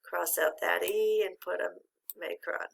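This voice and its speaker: A woman's voice: on the low side, steady tone, unhurried, gravelly. A middle-aged woman teaching a patient, encouraging phonics lesson to a child. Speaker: reading teacher.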